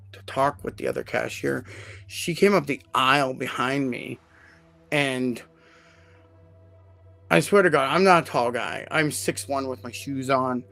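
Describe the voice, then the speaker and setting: A man hosting a live podcast, telling a personal story in an emotional, animated way with many fillers. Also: mid-range voice, gravelly. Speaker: podcast host.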